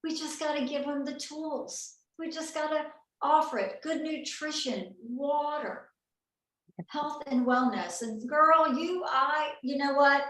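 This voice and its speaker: A woman's voice: high-pitched, takes it slowly, fairly bright tone. A woman hosting a video call interview, enthusiastic and full of praise for her guest. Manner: enthusiastic, affirming, effusive praise. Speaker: host. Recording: roomy sound, far from the mic.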